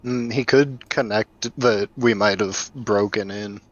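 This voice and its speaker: Slow, easygoing male player, muffled audio. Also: lowish voice, fairly even intonation, dry recording. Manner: easygoing, thinking aloud. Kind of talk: casual game talk.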